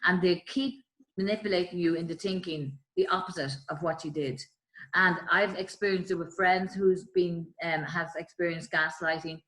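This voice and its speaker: A woman's voice: fairly low pitch, steady tone, normal speed, poor audio. A woman explaining bullying tactics in an earnest conversational way. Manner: earnest, acts out quoted voices, trails off softly. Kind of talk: explanatory chat.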